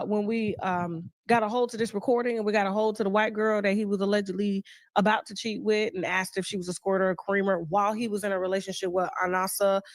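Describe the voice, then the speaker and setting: Halting woman reporting gossip, dry sound. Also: medium pitch, dry recording. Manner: halting, filler-heavy.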